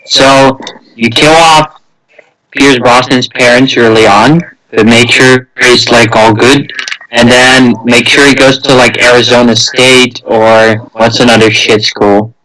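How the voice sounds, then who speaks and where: A man's voice: medium pitch, fairly even intonation, measured pace, pushed and bright, rough recording. A young man co-hosting a casual podcast, rambling loosely and acting out little scenes with silly voices. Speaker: podcast co-host.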